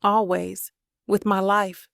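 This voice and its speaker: A woman's voice: medium pitch, level tone, slow pace, gravelly, a bit bright, no echo, studio quality. A woman reading the lines of a badly wounded young man who murmurs weakly and tenderly in an audiobook.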